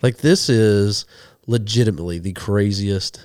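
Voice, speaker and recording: This is a man with a fairly low voice, telling stories on a podcast. He talks casually and with energy, and he acts out the lines of the people he quotes. The sound is dry and close. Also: unhurried, a little mellow, dry recording. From western Oklahoma. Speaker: guest, hunting show host and minister. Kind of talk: casual storytelling.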